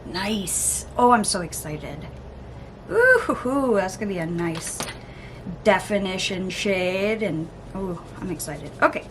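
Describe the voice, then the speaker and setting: A woman vlogger chatting casually through an unboxing, gushing, gasping and cooing with excitement. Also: on the low side, a little slow, slight background noise. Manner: gushing, excitable, lots of gasps and oohs. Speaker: beauty vlogger.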